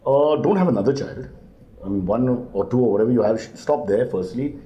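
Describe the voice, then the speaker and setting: Fast-talking joking man. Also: mid-range voice, muffled recording. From India. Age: middle-aged. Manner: quick deadpan wisecracks, mock exasperation. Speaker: guest comedian. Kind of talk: joking live interview banter.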